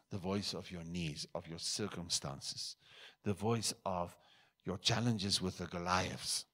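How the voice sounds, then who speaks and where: A man with a somewhat low voice preaches a sermon to his church. He is from South Africa, and his delivery swings between forceful, raised bursts and soft, hushed asides. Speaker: pastor.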